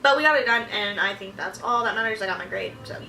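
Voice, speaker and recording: A woman's voice: medium pitch, fast talker, faint music behind. A young woman, a college student, telling stories about her week in a casual rambling vlog and acting out her own reactions. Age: young adult. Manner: excitable storytelling, acts out her own reactions. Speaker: vlogger. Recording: echoey room, mic at a distance.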